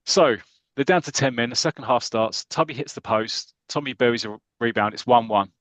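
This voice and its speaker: A man from Britain, a podcast co-host, retelling a comic story in animated casual chat with quick asides. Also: mid-range voice, no room sound.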